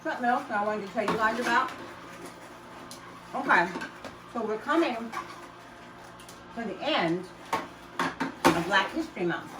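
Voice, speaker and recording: An older woman chatting casually to camera in her home kitchen, talking warmly and laughing often as she makes juice. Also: on the high side, lively intonation, a little slow, pauses often. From United States. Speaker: home juicing vlogger. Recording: roomy kitchen, mic at a distance, loud appliance noise.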